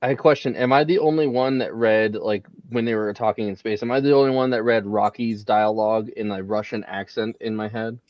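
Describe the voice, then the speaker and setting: A man talking eagerly in a casual book discussion, chatty and animated. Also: lowish voice, fairly quick, few pauses, highs cut off. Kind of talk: casual book club chat.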